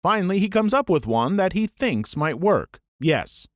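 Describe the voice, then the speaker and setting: Young male narrator, lively wry read, slightly higher voice, dry close sound. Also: moderate pace, dry recording. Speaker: story channel narrator. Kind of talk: comedic story reading.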